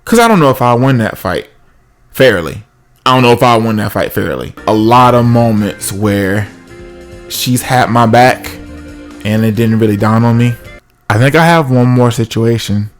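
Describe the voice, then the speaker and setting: A man's voice: medium pitch, animated, normal speed, soft background music. A man casually telling a comic personal story, acting out the other people's voices.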